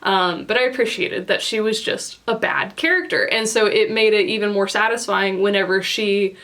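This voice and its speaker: A young woman giving a casual book and movie review, chatty and blunt, with lots of "like" fillers, occasional swearing and sudden jumps in pitch for emphasis. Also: moderate pace, fairly bright tone.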